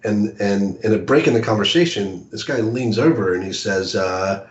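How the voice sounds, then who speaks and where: A man's voice: lowish voice, normal speed. Self-deprecating man in a roomy room. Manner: rambling, self-deprecating, laughs easily. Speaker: author guest. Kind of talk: casual conversation. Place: home in a city apartment. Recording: roomy, dull video call audio.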